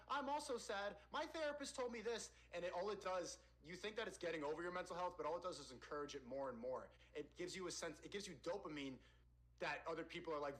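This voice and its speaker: A male streamer rambles on a stream clip, emotional and full of "like" and false starts. His voice sits somewhat high for a man. The talk is loose and unscripted. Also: a bit bright. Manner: emotional, rambling, filler-heavy.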